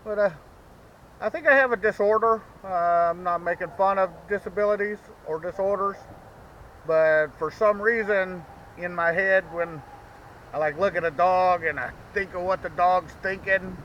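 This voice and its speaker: A man's voice: high voice, moderate pace, pushed and bright. A man hosting a vlog, rambling through a profane, self-mocking comedic monologue. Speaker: vlog host. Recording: dull lo-fi recording with faint background noise.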